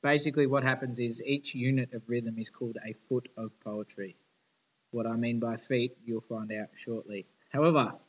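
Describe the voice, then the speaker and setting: A man's voice: mid-range voice, low-quality recording. A male teacher giving an informal lesson, casual, chatty and frank.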